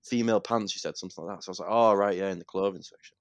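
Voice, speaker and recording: A young man, co-hosting a podcast and telling an animated story with swearing and laughter. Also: deep voice, very fast, dry recording, muffled recording. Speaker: podcast co-host. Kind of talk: casual podcast chat.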